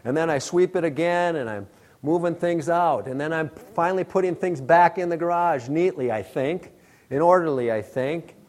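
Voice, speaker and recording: A man's voice: on the high side, moderate pace. A middle-aged male pastor preaching a sermon, telling stories with acted-out exclamations. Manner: storytelling, animated with acted-out exclamations.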